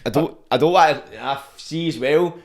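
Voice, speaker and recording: A Scottish man hosting a podcast, swearing freely and laughing as he talks. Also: a little high. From Scotland. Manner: sweary, laughing, fast-talking. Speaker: podcast host. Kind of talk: casual chat.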